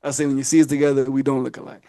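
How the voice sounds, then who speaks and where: A man's voice: mid-range voice, rapid-fire, no echo, studio quality. A man hosting a podcast, telling a long story in casual chat, acting out other people's voices and laughing often. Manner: animated, acts out quoted voices, laughs often. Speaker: podcast host.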